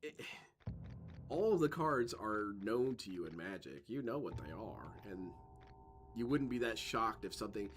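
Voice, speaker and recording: A man's voice: on the low side, very animated, unhurried, slight background noise. A man giving loose, joking commentary as he plays a stealth game, drifting into tangents. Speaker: let's play host. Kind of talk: gameplay commentary. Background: game music.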